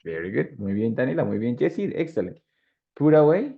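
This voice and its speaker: A man's voice: medium pitch, sing-song, fast talker, creaky. A man with a Colombian Spanish accent teaching an English class, explaining patiently and slipping into Spanish. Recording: dull lo-fi audio.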